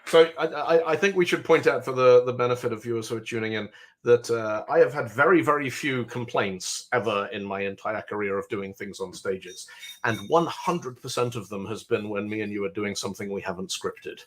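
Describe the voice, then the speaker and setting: A wry, chatty man co-hosting a homemade podcast stream. His voice sits at an ordinary middle pitch, and he tells his stories with dry humour and lively asides, heard over a webcam setup. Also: a little fast. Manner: chatty, wry, animated storytelling. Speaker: podcast co-host. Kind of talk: casual chat. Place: home, streamed online. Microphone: webcam setup on live stream.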